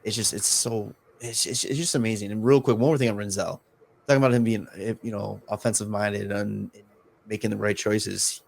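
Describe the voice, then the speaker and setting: A man co-hosting a casual sports podcast, talking haltingly with many restarts and fillers. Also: fairly low pitch, steady tone, gravelly. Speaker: podcast co-host.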